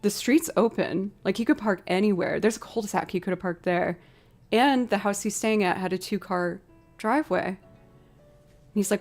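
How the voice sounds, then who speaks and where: A woman chatting with her stream viewers, telling a story in an animated way and acting out the voices of the people in it. Her pitch sits in an ordinary middle range. Faint music plays underneath her. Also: moderate pace. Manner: animated storytelling, acting out both sides of a conversation. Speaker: livestream musician. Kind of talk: casual chat with live stream viewers.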